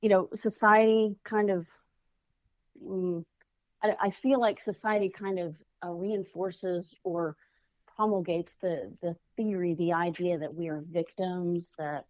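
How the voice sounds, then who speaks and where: A woman, a children's author, speaking earnestly as a podcast guest and often pausing to find her words. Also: fairly low pitch, fairly even intonation, a little mellow, dry recording, muffled recording. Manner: earnest, searching for words with fillers. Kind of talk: podcast interview.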